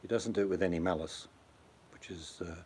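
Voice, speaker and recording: A man's voice: sits low, fairly quick, darkish tone, slight background noise. An Australian man chatting casually on a livestream, rambling and blunt, talking to viewers by name. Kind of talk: casual chat.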